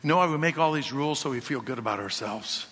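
This pastor's sermon comes in a mid-range, slightly rough voice, fairly bright and quick. He speaks directly to the people in the sanctuary, pressing them with rhetorical questions, while the church hall rings with long reverb.

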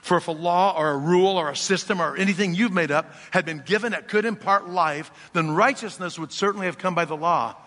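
A man's voice: high voice, a little fast, hardly any pauses, fairly bright tone. A man preaching a sermon as a pastor, talking directly and challenging the congregation with rhetorical questions, heard in a church sanctuary. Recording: long reverb of a church hall.

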